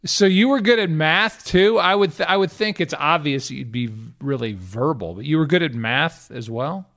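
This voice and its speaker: A man's voice: on the high side, animated, moderate pace, fairly bright tone. A man co-hosting a casual podcast interview, reacting with frequent laughs and teasing remarks. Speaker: podcast co-host.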